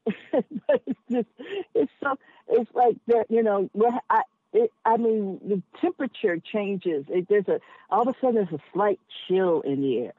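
A woman's voice: mid-range voice, moderate pace, no room sound. A woman who drives a cab, talking frankly and emphatically as a podcast guest, thinking aloud with plenty of asides. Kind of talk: candid conversation as a podcast guest. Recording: tinny phone line, dry.

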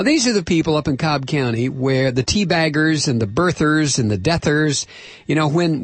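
A middle-aged man ranting on talk radio, combative and sarcastic. His slightly husky voice swings widely in pitch as he builds his anger. It is a dry, close studio sound. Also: no room sound. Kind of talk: political talk radio monologue. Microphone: close studio microphone.

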